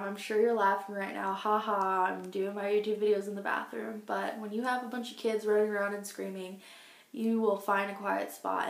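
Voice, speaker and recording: A young woman talks straight to the camera in a personal video diary, heartfelt and rambling, with frequent fillers. Her voice is gravelly and stays fairly level in pitch. It rings off the hard walls of a small home bathroom. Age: 20s. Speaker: vlogger. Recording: echoey bathroom.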